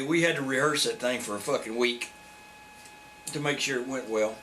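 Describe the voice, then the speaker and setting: A man's voice: medium pitch, moderate pace, long pauses. A man in his fifties with a drawl, telling blunt, profane stories in a shoot interview. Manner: blunt, profane, animated storyteller. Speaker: interview guest, former wrestler. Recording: faint background noise.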